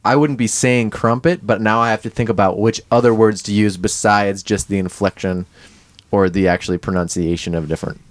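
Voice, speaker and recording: A man co-hosting a podcast in casual comedic chat, halting and thinking aloud with many fillers. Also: fairly low pitch, steady tone, dry recording. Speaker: podcast co-host.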